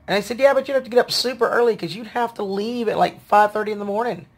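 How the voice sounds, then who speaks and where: A woman's voice: mid-range voice, fast talker, few pauses, breathy edge. A woman, venting to her viewers in a casual video diary, sounding tired and frustrated. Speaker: vlogger.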